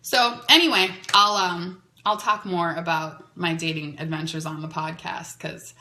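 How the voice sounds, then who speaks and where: A woman's voice: fairly low pitch, unhurried, a little hiss or hum. Chatty woman in an echoey room. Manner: chatty, animated, many "like"s. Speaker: podcast host. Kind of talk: casual storytelling.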